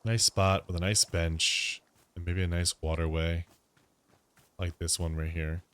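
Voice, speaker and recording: A man hosting a casual let's-play, commenting in a playful, animated way. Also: low-pitched, a little slow, clear, resonant tone, no room sound. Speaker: gaming channel host.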